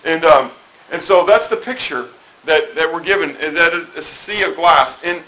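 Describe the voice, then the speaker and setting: A man's voice: fairly high pitch, normal speed, bright, forceful tone, poor audio. A middle-aged man preaching a sermon in a conversational way, asking the congregation questions and often repeating and restarting phrases. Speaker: pastor.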